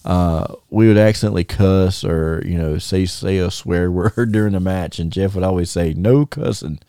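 A former wrestler appearing as a podcast guest swaps old wrestling stories in a low, clean voice at normal speed. He's animated, laughs a lot, and keeps restarting sentences with plenty of fillers. The studio sound is clean with no echo.

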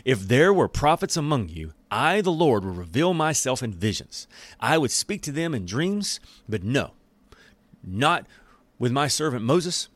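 A man voicing God as a stern, fatherly deity who speaks slowly and gravely. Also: mid-range voice, big pitch swings, no echo. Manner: slow, grave, emphatic.

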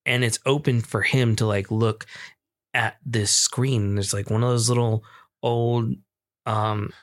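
Animated young man telling a scary story. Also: mid-range voice, measured pace. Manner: animated, swearing, acts out screams and quotes. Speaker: podcast co-host. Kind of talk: casual storytelling chat.

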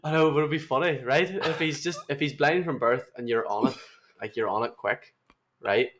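A man's voice: medium pitch, normal speed, a bit bright, slight background noise. A young man, co-hosting a podcast, telling anecdotes casually, swearing and laughing at his own stories. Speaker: podcast co-host. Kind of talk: casual storytelling chat.

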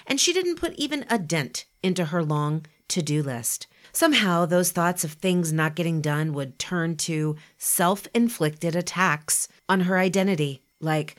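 A woman giving a scripted motivational talk, speaking in a lively, emphatic and conversational way. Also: fairly low pitch, a little slow, few pauses. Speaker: inspirational podcast speaker.

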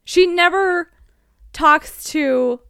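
High-voiced woman recapping a film. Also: extremely slow, no echo, studio quality. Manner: animated, acts out lines from the film. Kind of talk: casual movie recap chat.

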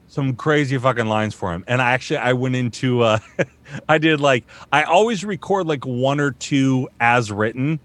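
A man's voice: mid-range voice, fairly bright tone. A man, a voice actor, chatting casually, rambling with lots of swearing and filler words. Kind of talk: casual chat.

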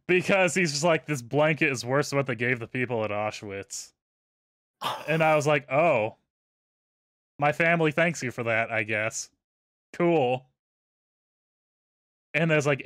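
A man's voice: a little high, no room sound. Laid-back man telling a story, dry sound. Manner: laid-back, profane, trails off into quiet asides. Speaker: podcast host. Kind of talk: casual storytelling.

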